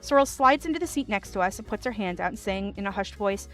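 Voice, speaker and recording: A woman streamer reading online stories aloud, with animated commentary and laughing asides. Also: mid-range voice, fast talker, soft background music.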